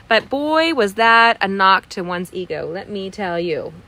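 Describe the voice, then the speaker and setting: Her voice is mid-range, lively in intonation, brisk, and sharp-toned as she runs a live online card-making class. Chatty and bubbly at a cluttered crafting desk, she wanders into stories and greets viewers by name.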